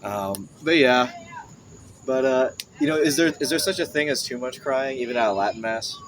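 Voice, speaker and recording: Young guy hosting a podcast, jokey, laughs a lot, steady middle pitch, noisy background. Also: normal speed. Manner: joking, laughs often. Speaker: podcast host. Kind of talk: casual chat. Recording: clear background noise.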